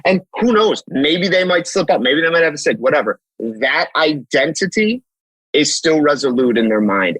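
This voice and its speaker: A man in his thirties with a slightly husky voice talks as a fitness coach on a podcast. He tells stories with energy, acting out both sides of conversations and swearing casually. The sound is dry and close, with little room in it. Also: fairly high pitch, no room sound, rough recording. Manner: energetic, storytelling, acts out dialogue, swears casually.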